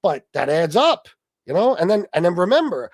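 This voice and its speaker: A man's voice: high-pitched, big pitch swings, normal speed, no echo, clean studio sound. Profane, laughing male livestream host. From Sicilian heritage. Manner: profane, laughing storyteller, reads chat aloud. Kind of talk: casual livestream chat.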